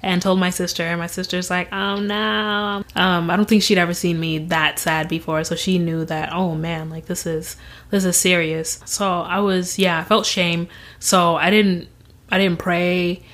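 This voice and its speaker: A young woman as an interview guest, telling a personal story in an animated way and acting out what others said. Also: fairly low pitch, moderate pace. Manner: animated, acts out quoted voices, laughs often.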